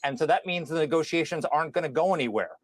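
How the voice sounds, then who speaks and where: A political commentator explaining his view on a ceasefire in a deliberate, measured way, with frequent restarts. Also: on the high side, dry recording.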